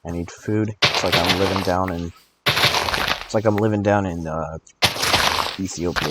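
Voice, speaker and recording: Groggy from allergy pills, an eighteen-year-old man hosting a gaming channel rambles through late-night commentary with sleepy joking asides. He speaks in a low, fairly even voice, a little slowly and with frequent pauses. Clicking noise runs over the audio.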